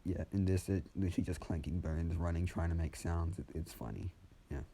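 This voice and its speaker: A man improvising a fan story out loud in a casual, rambling way, with many restarts and some swearing. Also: low voice, fairly even intonation, a little fast, a little hiss or hum.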